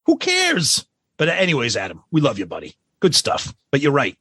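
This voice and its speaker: Husky, blunt podcast co-host man. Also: mid-range voice, sing-song, quick pace, pushed and bright, no room sound. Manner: blunt, profane, reads listener questions. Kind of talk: casual podcast chat.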